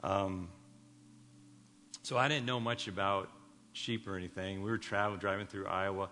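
A man's voice: low-pitched, steady tone, moderate pace, bright, forceful tone, slight background noise. A man in his fifties from Chicago, a pastor telling stories in a sermon, rambling with many restarts and light jokes to the congregation. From Chicago, USA. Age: 50s. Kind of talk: sermon storytelling. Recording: echoey hall reverb.

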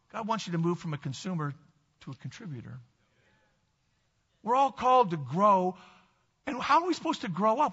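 A man's voice: very high voice, fairly bright tone, breathy edge, long reverb tail, highs cut off. A man preaching a sermon as pastor, emphatic and repetitive, calling on the congregation to repeat after him.

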